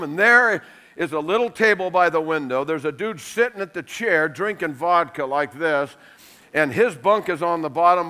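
A middle-aged man preaching a sermon, lively and emphatic, telling funny stories and laughing along. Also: a little high. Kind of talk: sermon with humorous storytelling.

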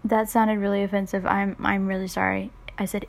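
A woman's voice: mid-range voice, level tone, brisk, vocal fry. Congested young woman rambling on a podcast. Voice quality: congested, nasal from sinuses. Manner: rambling, self-deprecating, jokey asides. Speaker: podcast host. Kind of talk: casual solo podcast chat.

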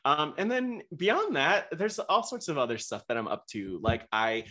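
A man's voice: a little high, very animated, moderate pace, sharp tone. A young man talking as a podcast guest, eager and rambling, with frequent restarts and fillers. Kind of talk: casual interview chat.

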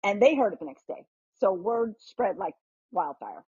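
Husky, dark-voiced woman telling a family story. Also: mid-range voice, normal speed, no echo. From New York. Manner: animated, swears casually, restarts a lot. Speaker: guest host. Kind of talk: casual storytelling chat. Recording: muffled lo-fi podcast audio.

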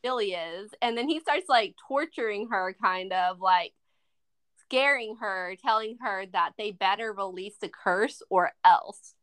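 A woman's voice: medium pitch, unhurried, fairly bright tone, clean tone. A woman co-hosting a casual movie review podcast, retelling the plot at length and acting out the characters' lines. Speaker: podcast co-host.

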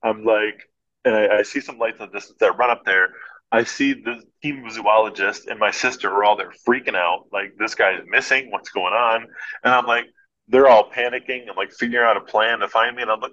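A man from Michigan telling a story as a podcast guest, animated and laughing, acting out the voices of the people in it. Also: on the low side, quick pace, dull audio. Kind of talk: casual storytelling.

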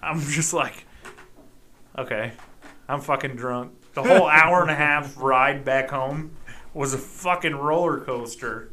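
A man co-hosting a podcast who tells childhood stories in a casual, animated way and swears freely. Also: fairly high pitch, a little slow. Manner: animated, profane storytelling. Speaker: podcast co-host. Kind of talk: casual chat, storytelling.

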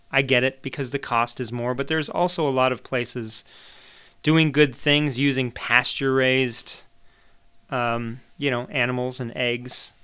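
A man's voice: mid-range voice, bright, forceful tone, clear, resonant tone. A middle-aged man hosting a podcast, talking in a chatty, opinionated monologue and swearing casually. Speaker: podcast host.

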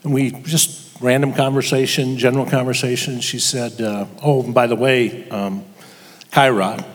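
An older man telling a personal story as a guest before an audience, halting with pauses and restarts. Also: mid-range voice, steady tone, long reverb tail. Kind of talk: personal testimony to a live audience.

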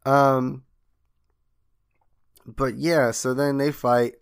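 A young man co-hosting a podcast, casually recapping a cartoon and putting on quick silly voices for the characters. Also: mid-range voice, little pitch movement, gravelly, clean tone. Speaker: podcast co-host.

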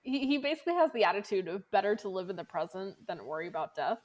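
A woman's voice: mid-range voice, expressive, fast. A woman co-hosting a casual podcast, chatting and laughing often as she talks. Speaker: podcast co-host. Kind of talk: casual chat.

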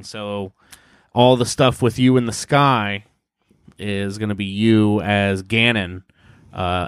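A man chatting casually on a gaming podcast, laid-back, often pausing on ums while laying out a theory. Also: on the low side, clean tone, dry recording, studio quality. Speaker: podcast co-host.

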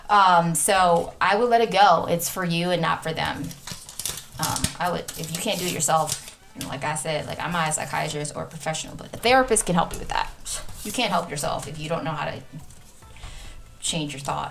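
A woman in her thirties hosts a podcast in a lowish, fairly bright voice. She talks frankly and casually, rambling along with many restarts and the occasional swear word.

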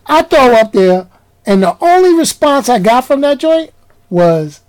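A man talking to camera in a loose, rambling monologue, full of slang and asides. He jumps up in pitch to stress a point, then settles back into relaxed chat. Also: measured pace, rough recording. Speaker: vlogger. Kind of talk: casual storytelling monologue.

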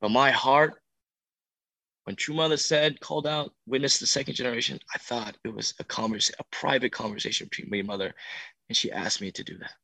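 A man's voice: mid-range voice, brisk, pushed and bright, no echo. A young man who leads youth workshops, telling a heartfelt testimony in an earnest, emotional way that builds in intensity. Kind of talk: testimony talk.

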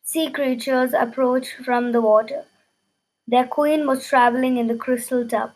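High-pitched woman reading a children's story in lively first person; light stumbles, read-aloud tone. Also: a little slow, poor audio.

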